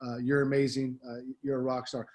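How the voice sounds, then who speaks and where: A man's voice: mid-range voice, little pitch movement, fairly quick, darkish tone. Heartfelt man giving a slangy farewell. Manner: upbeat, slangy, heartfelt with many fillers. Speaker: departing assistant principal. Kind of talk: farewell speech on school announcements.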